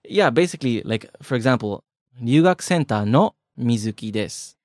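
A man's voice: mid-range voice, lively intonation, normal speed, a little mellow, no echo, clean studio sound. A man co-hosting a language lesson podcast, explaining grammar in a casual, chatty, joking way. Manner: laid-back, chatty, joking. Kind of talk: casual teaching chat.

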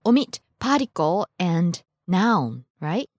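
A woman's voice: lowish voice, big pitch swings, takes it slowly, a little mellow, husky, no room sound, clean studio sound. A woman teaching on a casual language podcast, giving short answers and modelling example phrases.

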